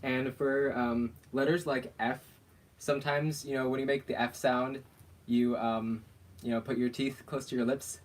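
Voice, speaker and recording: A man's voice: medium pitch, flat delivery, measured pace. A man casually teaching an invented alphabet on a livestream, talking in a playful way and laughing often.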